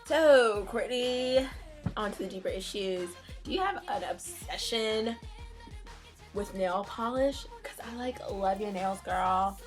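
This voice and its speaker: A young woman with an everyday mid-pitched voice answers fan questions in a relaxed, casual chat. She gives her opinions freely and easily. Faint music sits in the background. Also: takes it slowly. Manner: chatty, opinionated, laid-back. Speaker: K-pop reaction channel co-host.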